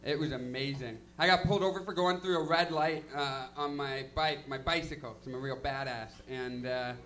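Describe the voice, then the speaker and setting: A man's voice: mid-range voice, normal speed, fairly bright tone. A young man doing a stand-up comedy set in a loose, self-deprecating way, full of fillers. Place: comedy lounge stage.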